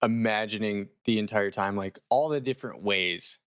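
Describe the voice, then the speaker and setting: Man, casual horror reviewer, animated and profane, dry close recording. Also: fairly low pitch, normal speed, clear, resonant tone, dry recording.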